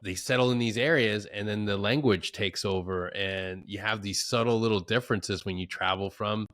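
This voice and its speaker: Host, man, easygoing and casual, slightly low pitch, dry studio mic. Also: moderate pace, no room sound. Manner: relaxed, laid-back, says "dude" and "my man". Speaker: podcast host. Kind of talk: casual conversation.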